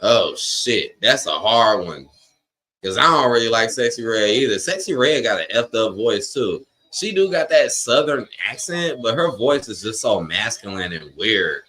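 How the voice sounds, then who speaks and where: A man's voice: fairly low pitch, very animated, moderate pace, bright, forceful tone. A man hosting a live watch-along stream, chatting casually and reading out viewer comments. He talks in blunt, slangy, opinionated bursts, straight to his chat.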